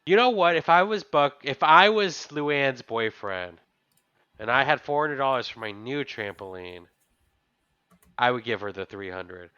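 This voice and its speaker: Chatty male co-host, bright forward voice, dry and slightly dull podcast sound. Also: medium pitch, animated, unhurried, clear, resonant tone, dry recording. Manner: chatty, musing, thinks aloud. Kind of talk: casual chat.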